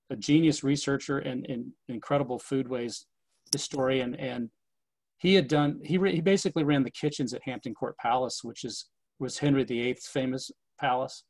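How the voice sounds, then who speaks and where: Man, casual chat, rambling, lots of fillers and restarts, dry close sound, mid pitch. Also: darkish tone, no echo, poor audio. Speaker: historic distillery manager. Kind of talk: casual conversation.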